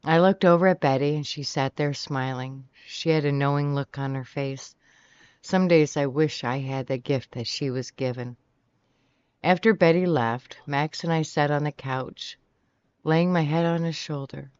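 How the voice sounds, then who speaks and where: A narrator reading a first-person novel in a steady, even storytelling manner. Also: mid-range voice, a little slow, smooth, no echo. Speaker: audiobook narrator. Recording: dry, slightly muffled sound.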